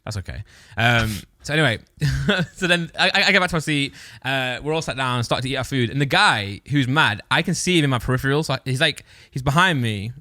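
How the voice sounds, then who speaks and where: Young guy rattling off a story, bright tense voice, dry close mic. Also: medium pitch, lively intonation, fairly quick, hardly any pauses, dry recording. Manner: rambling, self-interrupting, laughing storyteller. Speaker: podcast co-host. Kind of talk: casual storytelling chat.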